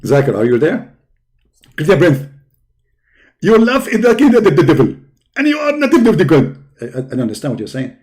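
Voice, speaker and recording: A man's voice: on the high side, huge pitch swings, fairly quick, long pauses, darkish tone. A man giving a polemic religious talk, sarcastic and mocking, with heavy repetition for emphasis. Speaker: religious debater.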